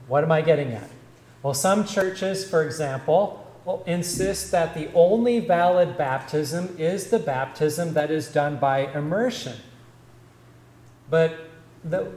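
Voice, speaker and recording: A male Lutheran pastor preaching a sermon, explaining scripture in a measured, deliberate teaching manner. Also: fairly high pitch, darkish tone, echoey room, rough recording.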